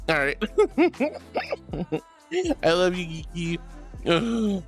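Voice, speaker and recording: High-voiced giggly male streamer. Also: expressive, very slow, long pauses, faint music behind. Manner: playful, giggly, affectionate. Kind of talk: livestream chat reading.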